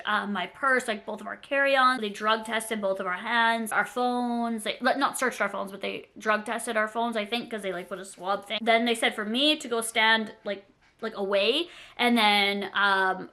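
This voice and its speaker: A young adult woman telling a story in a casual vlog, rambling and animated, with lots of "like" fillers. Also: mid-range voice. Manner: chatty, rambling, many "like" fillers; animated and self-deprecating. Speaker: storytime vlogger.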